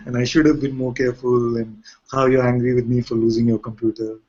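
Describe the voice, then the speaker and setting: A man's voice: medium pitch, flat delivery, a little fast, a little mellow. A man who is a spiritual teacher, giving a conversational talk to a gathering and often asking rhetorical questions. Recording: muffled lo-fi recording.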